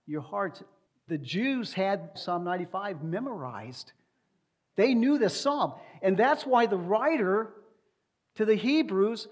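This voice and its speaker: A male pastor delivering a sermon with a fairly high voice. He leans hard on key words and repeats them for weight, then slips into reading scripture aloud. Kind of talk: expository sermon.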